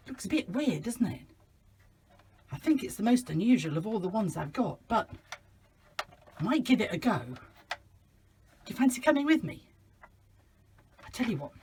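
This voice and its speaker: Cheerful hat-collecting storyteller, a woman, playful kids' presenter, lively. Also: medium pitch, slight background noise, lightly acted. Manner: chatty, playful, talks to children. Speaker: children's club presenter. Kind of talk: children's show role-play.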